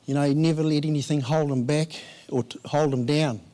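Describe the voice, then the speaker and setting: Halting man giving a heartfelt eulogy. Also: a little high, fairly even intonation, mellow. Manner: halting, with many fillers and restarts. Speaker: eulogy speaker. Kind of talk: memorial speech.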